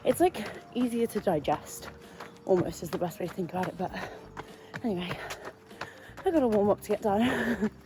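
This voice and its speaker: A young woman vlogs to the camera during a long outdoor run, chatty but out of breath and exhausted, often weary and talking herself through it. Her voice is medium-pitched at a normal speed with frequent pauses, over noisy outdoor ambience.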